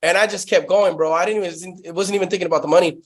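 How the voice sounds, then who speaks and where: A man telling his story as a guest in a casual interview, excitable and slangy, swearing and saying bro, on a Bluetooth headset call. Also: high-pitched, rapid-fire. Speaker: guest, sales founder.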